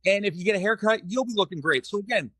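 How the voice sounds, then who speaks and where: A teasing man with a Boston accent hosts a casual sports podcast. His voice sits a bit high and sounds dry and close to the mic. He hams up his sponsor reads like a showman. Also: fast, fairly bright tone, no echo. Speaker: podcast host.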